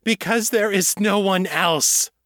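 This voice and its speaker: A man voicing a fierce young horned half-demon woman warrior who speaks sharp and venomous in a storybook reading. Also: medium pitch, normal speed, dry recording, clean studio sound. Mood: furious.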